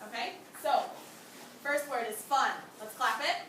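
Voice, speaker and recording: Woman teacher, high voice, encouraging, asks lots of questions, echoey classroom heard from far off, background noise. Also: a little slow, a bit bright. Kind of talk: classroom lesson.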